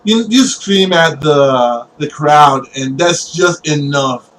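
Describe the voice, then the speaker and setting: A man's voice: on the high side, slow, a crowd in the background, poor audio. A man running a tabletop game as game master, narrating loosely with lots of "like" and restarts.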